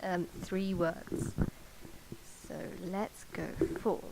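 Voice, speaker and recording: A woman's voice: lowish voice, level tone, extremely slow, very noisy. A woman chatting casually in a vlog, chatty and self-mocking with casual swearing, recorded on a cheap karaoke mic. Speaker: vlogger. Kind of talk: casual chat.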